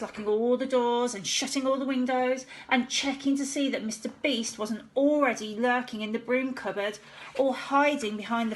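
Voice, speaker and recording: A woman teacher reading a children's story aloud, slow and expressive, with playful sound-effect words. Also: mid-range voice.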